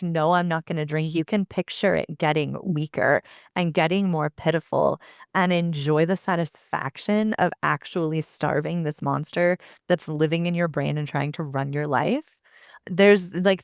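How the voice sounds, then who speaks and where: A woman with a low, gravelly voice chats on a podcast, blunt and animated and quick to curse. The sound is dry and close. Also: no room sound. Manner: animated, blunt, swears freely. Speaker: podcast co-host. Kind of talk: casual podcast chat.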